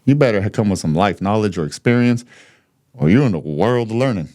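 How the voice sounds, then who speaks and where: Animated and brisk, this American man in his thirties has a lowish, slightly mellow voice. On a podcast as a guest, he tells his story openly, blunt and freely profane, with laughs between points.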